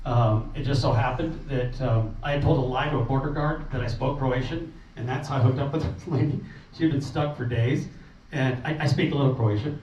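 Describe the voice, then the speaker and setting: A man's voice: mid-range voice, a little mellow. A man telling a meeting audience about a refugee relief trip, earnest and rambling, with fillers and restarts. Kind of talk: informal talk to a meeting audience. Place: meeting room. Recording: roomy, distant, dull sound with faint noise.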